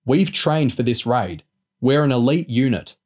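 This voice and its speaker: A man's voice: medium pitch, lively intonation, a little slow, voice pushed up, natural voice. A man playing a smug, patronizing commando leader. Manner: patronizing, sour, shouting over the line.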